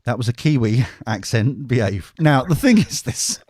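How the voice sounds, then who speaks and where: A man's voice: mid-range voice, animated, moderate pace, darkish tone, slightly rough, no echo, clean studio sound. A man co-hosting a casual podcast, teasing his guest and laughing often. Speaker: podcast co-host. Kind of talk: casual banter.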